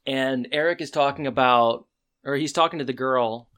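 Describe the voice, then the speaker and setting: A man's voice: medium pitch, moderate pace, smooth. A man co-hosting a podcast, casually recapping a TV episode and chiming in with corrections. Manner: relaxed, adds corrections and short backchannels. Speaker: podcast co-host.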